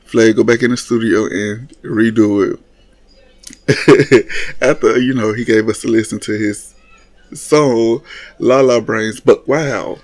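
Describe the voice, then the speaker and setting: A man's voice: on the low side, darkish tone. A man hosting a casual reality TV recap, blunt and mocking, often laughing as he talks. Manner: blunt, laughs often, mocks what he watched. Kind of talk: casual commentary.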